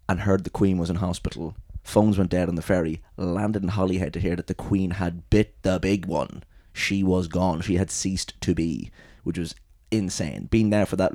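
A young adult Irish man in casual chat, telling a story in a rambling, animated way and swearing freely. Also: low voice, dry recording, clean studio sound.

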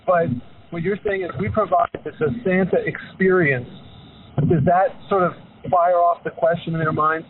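A man's voice: high-pitched, steady tone, normal speed. A man hosting a podcast interview, probing with questions and restating his guest's points. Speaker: podcast host. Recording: tinny phone-line sound with faint noise.

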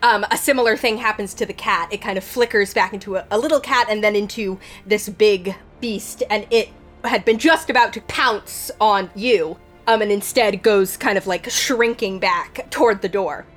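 Relaxed woman narrating as game master. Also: mid-range voice, normal speed, faint music behind. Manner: relaxed, chatty, frequent fillers.

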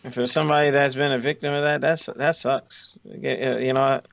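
A young man co-hosting a casual podcast, making slow, laid-back remarks. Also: medium pitch, flat delivery, gravelly, a bit bright, dry recording, muffled recording. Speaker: podcast co-host. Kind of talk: casual group chat.

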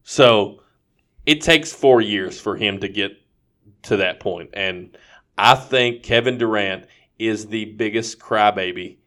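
A man's voice: lowish voice, slow pace, fairly bright tone. A man co-hosting a casual sports podcast, joking and giving brash hot takes. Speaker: podcast co-host.

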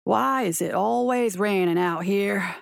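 A woman's voice: mid-range voice, a little slow, vocal fry. A woman voicing a weary male frontier marshal who mutters dryly to himself. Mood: wry. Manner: dry, sardonic muttering.

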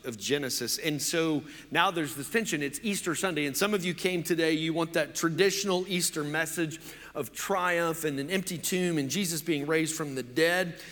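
Bright-voiced pastor in a reverberant hall. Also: male voice, fairly high pitch. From Oklahoma. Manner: chatty, joking preacher with fillers. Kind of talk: sermon. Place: church.

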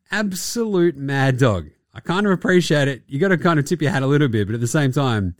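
Swearing sarcastic podcast host. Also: male voice, mid-range voice, expressive, normal speed, dry recording, clean studio sound. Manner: crude, sarcastic, swears and laughs often. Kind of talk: casual basketball chat.

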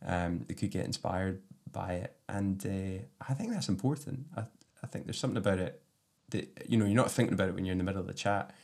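Soft-spoken man, lower voice. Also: fast talker, gravelly. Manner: affirming listener, reflective and soft-spoken when telling his own stories. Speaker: podcast host. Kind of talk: casual interview chat.

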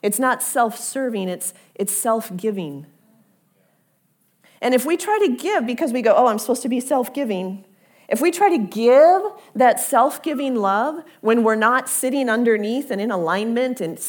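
A woman preaching a sermon at an unhurried pace, her voice sitting somewhat high. She talks to the congregation in a conversational way and repeats words as she works toward each point. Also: expressive, darkish tone.

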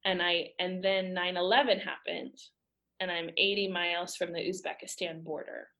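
A woman in her thirties from the United States, telling a personal faith story in a lively, emphatic way with frequent laughter. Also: on the low side, normal speed, muffled recording. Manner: animated, laughing often, emphatic. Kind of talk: casual storytelling.

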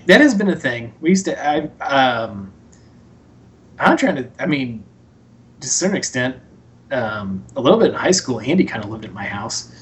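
A man's voice: medium pitch, very animated, moderate pace. A man co-hosting a podcast, casually recapping a movie and acting out lines from its scenes. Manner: rambling, retells scenes in quoted voices. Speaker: podcast co-host.

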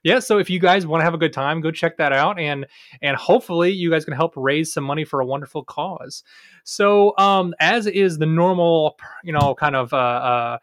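A man hosting a casual podcast, animated and teasing, breaking into playful exclamations. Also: fairly high pitch, no echo, studio quality. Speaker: podcast host.

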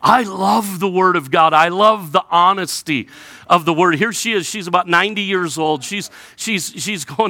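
A male pastor preaching a sermon, animated and acting out the people in the stories with sarcasm, then dropping low and quiet to read scripture. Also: normal speed, no room sound. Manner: animated, acts out biblical characters with sarcasm.

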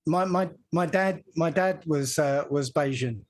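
Higher-voiced man explaining at length. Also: unhurried. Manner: explaining at length, laughing now and then. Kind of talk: casual conversation.

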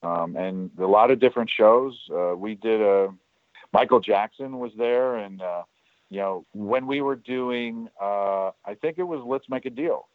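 A man with a fairly low pitch speaks at a measured pace in a dry recording that has a tinny, phone-like quality. He is a guest in a casual interview, recounting his time working at a studio in a rambling way with frequent fillers and restarts.

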